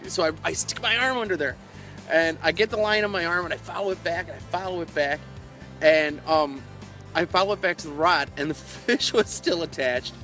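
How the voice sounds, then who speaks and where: A slightly high-voiced man telling long, meandering fishing stories, laughing at himself as he goes. He talks outdoors by the water on a live stream, with faint music somewhere behind him. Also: a little fast, pushed and bright. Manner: chuckling, meandering, self-mocking. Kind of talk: rambling storytelling to a live chat.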